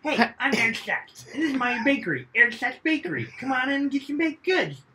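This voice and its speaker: A man putting on a cheesy male bakery owner hawking his shop in a local ad, in a high, loud voice. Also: fairly quick, a little hiss or hum, exaggerated voice. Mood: cheesy pitch. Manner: chirpy salesman pitch, repeats his own name.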